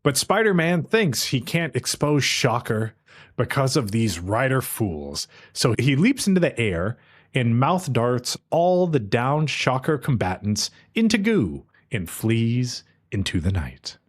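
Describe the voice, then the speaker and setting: A man recapping a show on a podcast, his pitch swinging up and down as he tells the story. He talks casually and swears now and then, jumping between narration and quick quoted lines. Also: sing-song. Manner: casual and profane. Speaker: podcast host.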